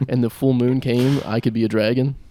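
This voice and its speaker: A young man co-hosting a podcast, trading crude deadpan jokes with frequent laughter. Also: medium pitch, normal speed, slight background noise. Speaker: podcast co-host. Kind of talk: casual comedic podcast banter.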